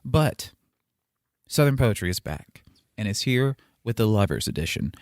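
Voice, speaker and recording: A man hosting a podcast in casual chat, excitable and playful, laughing often, on a close studio mic. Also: on the low side, normal speed, no echo. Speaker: podcast host.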